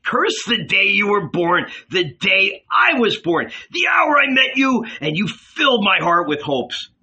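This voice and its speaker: A man voicing an anguished, furious adult male disciple who shouts and wails his accusations in a storybook reading. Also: high-pitched, sing-song, unhurried, slightly rough, pitched above the performer's own voice, full character voice.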